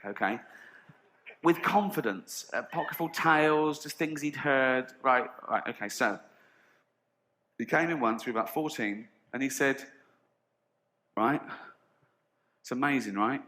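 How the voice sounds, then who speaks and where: Lively, bright-voiced English comedian laughing along. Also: male voice, medium pitch, normal speed, roomy sound. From England. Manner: giggly, laughs through his own lines; blunt, sweary storytelling. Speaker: stand-up comedian. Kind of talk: stand-up comedy.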